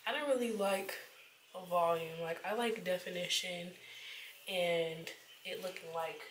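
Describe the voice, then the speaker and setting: A woman's voice: on the low side, measured pace, a little hiss or hum. A woman in her twenties from Atlanta, talking casually and upbeat in slangy chat for her vlog. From Atlanta, Georgia. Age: 20s. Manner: chatty, upbeat, loose slang. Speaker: vlogger.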